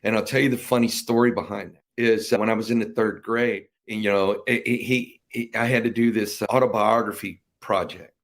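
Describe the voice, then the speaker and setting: A man who is a guest on a podcast, a veteran and business owner, telling lively stories with many fillers. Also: fairly low pitch, brisk, hardly any pauses. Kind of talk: casual interview storytelling.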